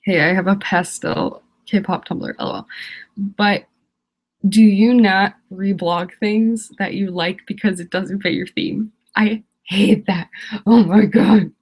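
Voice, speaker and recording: A woman's voice: medium pitch, fairly even intonation, measured pace, lo-fi sound. A teenage girl ranting on a live stream, exasperated and rambling, laughing often. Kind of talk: casual live-stream rant.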